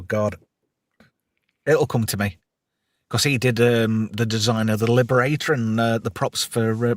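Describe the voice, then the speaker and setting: A man hosting a casual live-stream chat, swearing freely and laughing loudly as he reads out viewer comments. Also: lowish voice, no echo, clean studio sound. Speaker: podcast host.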